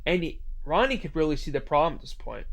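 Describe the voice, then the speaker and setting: A man's voice: a little high, very animated, quick pace, vocal fry. A man telling a scary story in a casual, rambling way, full of fillers. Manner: rambling, filler-heavy retelling.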